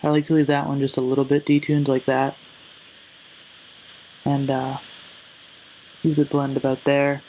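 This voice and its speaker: A man giving a casual music production tutorial, relaxed and hesitant, often correcting himself as he goes. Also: mid-range voice, a little slow, pauses often, low-quality recording. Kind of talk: casual screen-recorded tutorial. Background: faint synth sounds.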